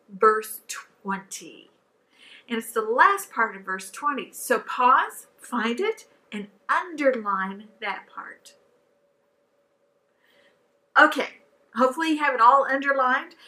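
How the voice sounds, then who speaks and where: A woman's voice: high-pitched, pushed and bright, low-quality recording. A woman teaching children a scripture memory verse, coaxing them to count and recite along with her. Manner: coaxing call-and-response, counting aloud. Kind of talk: leading a scripture memory lesson.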